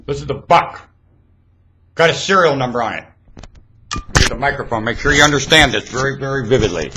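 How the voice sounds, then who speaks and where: A man speaking emphatically in a preachy monologue into a webcam microphone, swinging between loud declarations and hushed lines. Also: mid-range voice, expressive, fairly quick, slight background noise, poor audio. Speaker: webcam commentator.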